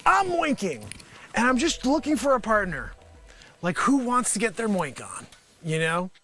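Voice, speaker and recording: A man with a high, bright voice that jumps all over the place, hosting a live improv comedy show. He riffs through a made-up product pitch in a wisecracking way, swinging from loud outbursts to mutters. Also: very animated, normal speed.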